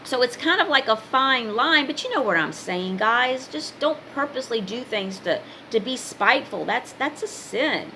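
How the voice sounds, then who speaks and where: A woman's voice: a little high, animated, normal speed, hardly any pauses, sharp tone, a little hiss or hum, rough recording. A woman talking casually to her viewers, giving spiritual advice in an emphatic, preachy way with many repeated commands. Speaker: spiritual advice vlogger and card reader.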